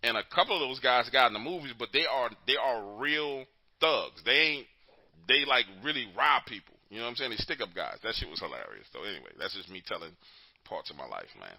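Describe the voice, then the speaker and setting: A man's voice: medium pitch, animated, fairly quick, vocal fry, pushed and bright, rough recording. A man hosting a call-in show, telling stories in loose, profane casual chat and laughing often. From New Orleans, Louisiana.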